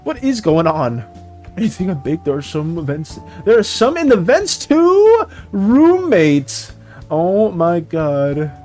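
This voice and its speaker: A man chatting casually on an art live stream, excitable and dramatic, laughing often. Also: high voice, slow pace, soft background music. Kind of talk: casual live-stream chat while drawing.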